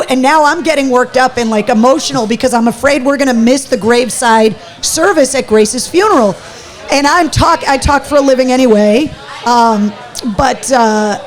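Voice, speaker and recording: High-voiced woman telling an animated story. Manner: animated, quick storytelling with acted-out quotes. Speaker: host of a live talk show. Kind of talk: casual storytelling. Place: pub, live show.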